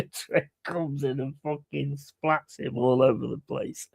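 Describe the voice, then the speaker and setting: A man's voice: mid-range voice, steady tone, unhurried, creaky, darkish tone, no echo. A man chatting casually on a live stream, rambling and swearing between chuckles.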